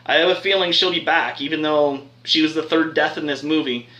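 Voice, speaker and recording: A man's voice: a little high, a little fast, sharp tone. A man giving a casual spoiler film review, rambling, swearing freely and getting worked up as he goes. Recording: echoey room.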